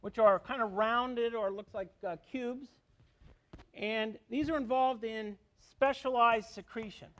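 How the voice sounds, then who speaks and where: High-voiced man lecturing on biology. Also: fairly even intonation, a little slow, a bit bright. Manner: explanatory, asks students questions, frequent "okay?". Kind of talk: university lecture. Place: lecture hall.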